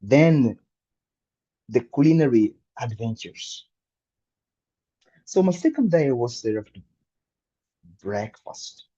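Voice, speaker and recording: Slow, husky man from Angola telling a story. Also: medium pitch, lo-fi sound. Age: 30s. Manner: animated storyteller with dramatic pauses. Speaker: club speaker. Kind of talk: prepared humorous speech.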